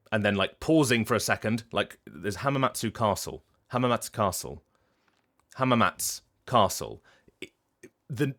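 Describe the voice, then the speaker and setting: Speaking casually on his livestream, a voice actor thinks out loud and keeps restarting his sentences as he explains things at length. His voice sits fairly low with a slightly bright quality, and he comes across as thoughtful.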